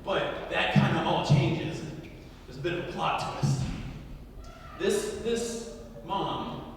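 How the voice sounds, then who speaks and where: A man from Louisiana hosting a comedy show, telling a crude story in a lively stand-up manner. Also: fairly high pitch, takes it slowly, vocal fry, a little hiss or hum. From Louisiana, US South. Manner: lively, crude, swings from quiet to loud. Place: comedy club. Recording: echoey club, mic far off.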